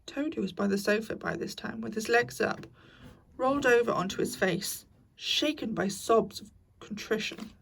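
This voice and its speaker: A woman narrating a classic children's story aloud, in a lively, expressive reading style. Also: a little high, moderate pace, vocal fry, distant mic, a little hiss or hum, poor audio.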